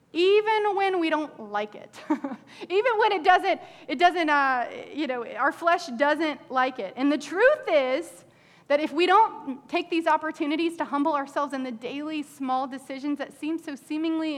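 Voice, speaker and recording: High-voiced woman preaching in a big hall. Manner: animated preaching, acts out prayers in a high exasperated voice. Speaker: pastor. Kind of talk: sermon. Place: church sanctuary with a congregation. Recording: reverberant church hall.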